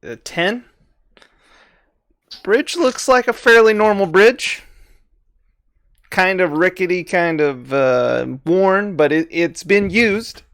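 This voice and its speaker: A man narrating scenes and calling for rolls as the game master of a tabletop game, describing places at an unhurried pace. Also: high-pitched, lively intonation, a bit bright, no echo, studio quality.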